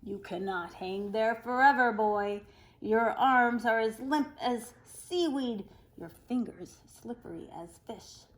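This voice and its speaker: A woman's voice: fairly high pitch, slow, roomy sound. A woman reading aloud, voicing a boastful, furious male shark king in a storybook tale. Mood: gloating. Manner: raging, gloating.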